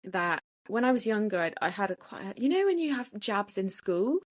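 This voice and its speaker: A woman's voice: mid-range voice, brisk. Chatty woman telling a story. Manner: animated storyteller, acts out quotes. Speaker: podcast host. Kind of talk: casual chat.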